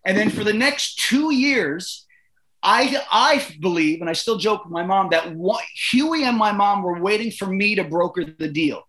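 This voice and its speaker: High, bright-voiced man telling a story. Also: moderate pace. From Canada. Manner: animated, profane, acts out quoted voices. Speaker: guest. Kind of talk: storytelling in casual interview.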